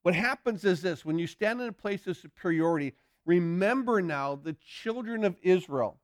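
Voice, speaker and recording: A man preaching a sermon, earnest, often repeating words as he builds a point, and slowing down to read scripture aloud. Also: high-pitched, expressive, dry recording, studio quality. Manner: reads scripture slowly and deliberately. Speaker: pastor.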